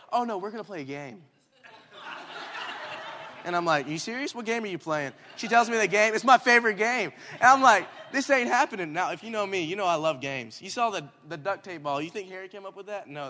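A young man, a minister, telling a story in a lively sermon and rising to shouts at times. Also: high voice. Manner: animated, talks in circles, rising to shouts. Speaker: youth minister. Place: church hall. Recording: hall reverb.

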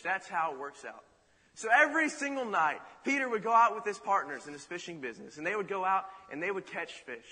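A man preaches in a high, very bright voice, telling the story with dramatic, animated flair. Long reverb fills the hall around him. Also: brisk. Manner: dramatic, animated retelling with rhetorical asides. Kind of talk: sermon storytelling.

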